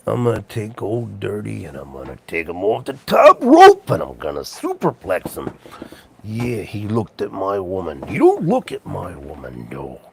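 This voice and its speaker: A man doing a gravelly, shouting wrestling showman. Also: lowish voice, huge pitch swings, moderate pace, slight background noise, voice pushed down, full character voice. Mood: boastful. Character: swaggering male pro wrestler, shouting threats.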